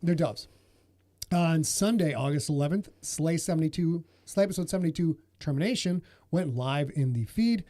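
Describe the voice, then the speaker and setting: A man's voice: on the high side, animated, a little fast, hardly any pauses, mellow, no echo. A man hosting a podcast in casual chat, joking and swearing freely. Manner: joking, profane, blustery. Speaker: podcast host.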